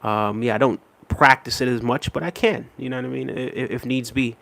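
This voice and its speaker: A Jamaican man hosts a live stream, reading viewer comments out loud and responding in a relaxed, chatty way, full of "um" and "you know what I mean". His medium-pitched voice is a little fast and creaky.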